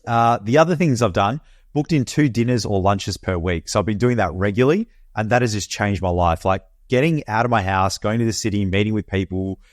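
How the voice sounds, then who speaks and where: This is an Australian man in casual podcast chat. His voice sits a bit low. He sounds laid-back and swears freely. The sound is dry and close. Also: a little fast, no echo. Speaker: podcast co-host. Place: home, Perth.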